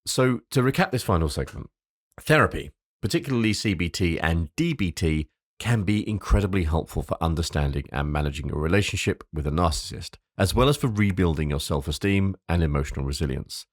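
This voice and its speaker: A man's voice: sits low, animated, brisk, no echo, studio quality. A man hosting a solo advice podcast. He reads from a script, stumbles over repeated words, and drops into casual asides, sometimes with a swear. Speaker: podcast host.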